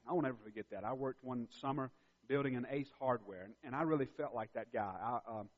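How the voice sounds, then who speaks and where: A man preaching a sermon as a pastor, emphatic and building in intensity, repeating key phrases for weight. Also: fairly high pitch. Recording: dull recording with long hall reverb.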